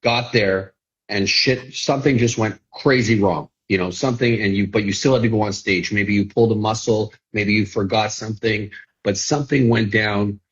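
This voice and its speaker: A man hosting a podcast, asking questions in a relaxed way and murmuring while he listens. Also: fairly low pitch, normal speed, husky, lo-fi sound. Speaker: podcast host. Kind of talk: casual interview.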